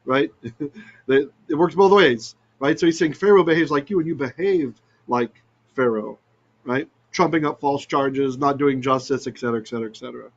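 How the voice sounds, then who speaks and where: A man teaching a Bible study in an animated way, often checking in with "right?" and mixing in Hebrew terms. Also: medium pitch, normal speed, dull audio. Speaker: Torah teacher.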